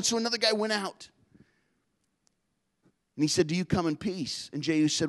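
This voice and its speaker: A man preaching a sermon with an intense, driving delivery that swells into loud emphatic rises. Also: high-pitched, moderate pace, pauses often. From not Australian.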